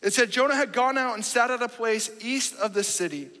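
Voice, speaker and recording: A man's voice: very high-pitched, a little fast, sharp tone. A man preaching a sermon in church, speaking emphatically and often checking in with the congregation. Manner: emphatic, keeps asking the congregation "right?". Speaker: pastor. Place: church sanctuary. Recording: long church hall reverb.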